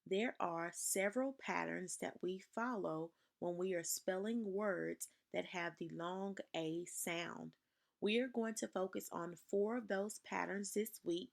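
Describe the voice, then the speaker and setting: Slow, gravelly woman teaching spelling. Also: on the low side. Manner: slow, careful, over-enunciated dictation. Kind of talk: spelling lesson for children.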